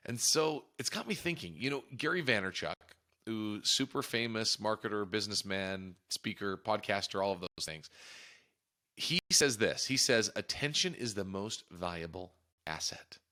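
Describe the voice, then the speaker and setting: A man's voice: lowish voice, lively intonation, normal speed, sharp tone. A man hosting a podcast, talking in an earnest, reflective way and often restarting or repeating his phrases. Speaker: podcast host. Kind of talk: casual reflective monologue.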